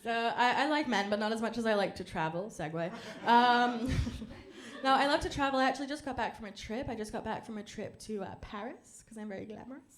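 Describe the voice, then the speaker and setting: Deadpan woman doing stand-up. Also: a little fast. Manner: deadpan delivery, bursts into loud, high mock-French theatrics. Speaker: stand-up comedian. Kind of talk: stand-up set with crowd work. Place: comedy club stage with a laughing audience.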